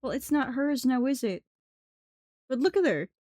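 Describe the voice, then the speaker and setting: A woman's voice: high-pitched, animated, moderate pace, darkish tone, no echo, clean studio sound. A woman streamer chatting casually on a livestream, cooing baby talk at her cats and teasing them with casual swearing.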